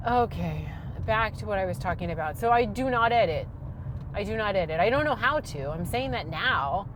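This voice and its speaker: A middle-aged woman, rambling loudly and self-deprecatingly to camera while driving, on a clip-on mic. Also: medium pitch, expressive, normal speed, background noise. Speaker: vlogger. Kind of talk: rambling casual monologue. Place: in her car while driving. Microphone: clip-on microphone.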